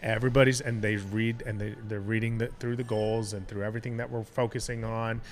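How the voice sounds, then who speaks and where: A man's voice: lowish voice, flat delivery, brisk, soft background music. Candid, swearing man telling a story. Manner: candid and profane, many restarts. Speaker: guest. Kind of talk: casual storytelling.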